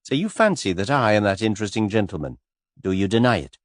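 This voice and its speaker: Man doing a detective, intense, earnest, high-pitched emphatic bursts. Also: expressive, fast, no echo, studio quality, lightly acted. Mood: insistent. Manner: emphatic, raised and insistent. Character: excitable middle-aged French detective, intense and earnest.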